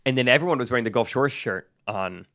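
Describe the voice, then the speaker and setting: Animated young man telling a story. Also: fast. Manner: animated, acts out quoted voices in a higher pitch. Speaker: podcast co-host. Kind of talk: casual storytelling.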